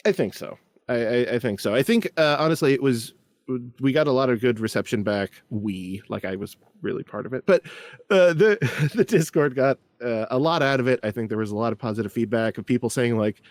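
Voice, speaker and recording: A man's voice: medium pitch, expressive, brisk, dry recording. A man calling in to a podcast, chatting casually and rambling with lots of "like.". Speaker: caller. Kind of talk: casual chat.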